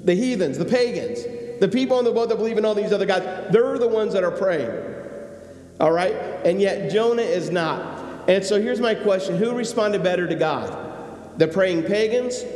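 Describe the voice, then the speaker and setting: Pastor, male, slightly high voice, preaching with emphatic delivery, echoey church hall, faint hum. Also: normal speed, darkish tone. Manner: storytelling, acts out characters, rising to emphatic exhortation. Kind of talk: sermon. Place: church sanctuary.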